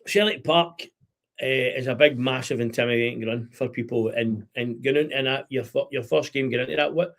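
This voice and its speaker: A young man with a Scottish accent hosts a casual podcast chat, wandering from story to story. His voice has a gravelly, fry-edged texture at an ordinary pitch. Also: a little fast, fairly bright tone. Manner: rambling, storytelling, laughs often. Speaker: podcast host.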